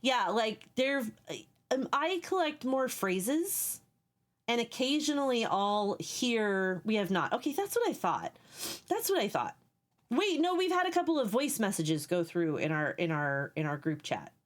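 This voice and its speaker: A woman's voice: a little high, sing-song. Brief: youthful-voiced Texan woman streamer, casual and profane, chatting with her viewers. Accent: Texan Southern. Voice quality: youthful-sounding voice. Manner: candid and profane, with quick asides. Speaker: livestreamer.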